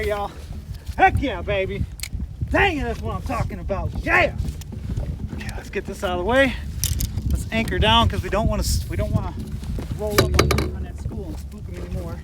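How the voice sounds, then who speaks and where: Out on a kayak on open water, a high-voiced fishing vlogger gives excited play-by-play, hyped and exclamatory, repeatedly shouting "heck yeah, baby." Loud music plays behind him amid heavy background noise.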